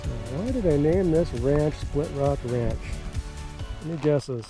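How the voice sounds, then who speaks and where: A man's voice: on the high side, lively intonation, over music. A man from Minnesota with a mixed Minnesota and Georgia accent, chatting casually and unhurriedly as a vlogger outdoors on his desert ranch. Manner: rambling, unhurried, folksy. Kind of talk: casual vlog chat.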